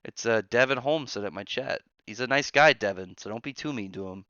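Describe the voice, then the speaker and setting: A man hosting a casual live stream from his barracks room, rambling through chat with quick asides and restarts. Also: medium pitch, sharp tone, no echo. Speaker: streamer host reading chat. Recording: dull lo-fi sound.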